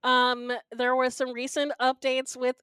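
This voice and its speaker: A woman hosting a podcast in casual chat, giving relaxed, rambling updates. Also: high-pitched, unhurried, clear, resonant tone, dry recording. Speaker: podcast host.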